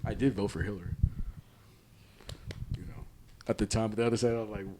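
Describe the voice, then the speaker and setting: A man's voice: fairly low pitch, fairly even intonation, a little fast, background noise. Rambling young man co-hosting a podcast. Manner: rambling, many fillers and restarts. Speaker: podcast co-host. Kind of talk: casual chat.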